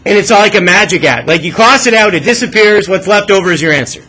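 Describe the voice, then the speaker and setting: A man's voice: high-pitched, lively intonation, fast, pushed and bright, breathy edge, poor audio. A male math teacher leading a classroom lesson, coaxing students with questions and asking them to think aloud.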